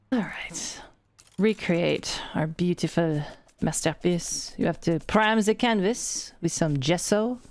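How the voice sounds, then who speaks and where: A woman's voice: lowish voice, gravelly, darkish tone. A young woman streaming a game, chatting playfully and slipping into a joking mock French accent. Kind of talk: casual gameplay commentary.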